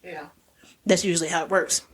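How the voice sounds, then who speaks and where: A woman talks through a piece of history on a relaxed podcast. She keeps it loose and conversational, full of fillers, and drops into slangy quoted voices for the people in the story. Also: fairly low pitch, a little fast, breathy edge. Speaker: podcast co-host. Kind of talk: casual storytelling chat.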